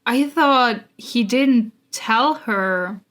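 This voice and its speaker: A woman's voice: on the high side, very slow, a bit bright. Here is a woman co-hosting a podcast, responding to her friend's book recap in casual conversation. Her commentary comes out dry and sarcastic, full of wry asides. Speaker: podcast co-host.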